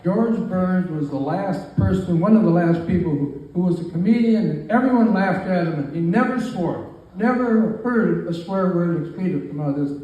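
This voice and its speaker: A man in his nineties stands up to speak at his own birthday party, joking and rambling. His voice sits fairly high for a man. He is caught from across the room, so it rings with heavy echo over a faint hum of ambience. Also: animated, normal speed, hardly any pauses, highs cut off. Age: 90s. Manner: joking, rambling, self-deprecating. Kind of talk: informal party speech. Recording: far-off mic in an echoey room with faint ambient noise.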